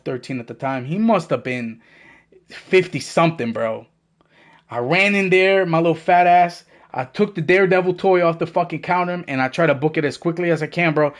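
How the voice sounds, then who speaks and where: A young man from the Bronx tells a long story to his stream. He is animated and profane and plays out every voice. His voice sits a touch higher than most men's. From the Bronx, New York. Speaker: gaming streamer.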